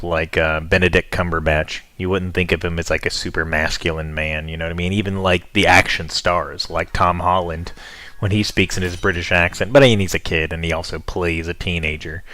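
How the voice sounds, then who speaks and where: A man's voice: low voice, sharp tone. A young American man chatting with viewers in a rambling, offhand way while playing a game. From United States. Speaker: streamer.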